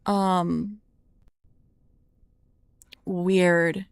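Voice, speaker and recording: Young woman, live-stream chat, slow unhurried delivery, smooth clear voice, dry close sound, rambling, easily surprised. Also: on the low side, little pitch movement, dry recording. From United States. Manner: rambling and easily surprised, swears when startled. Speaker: livestreamer.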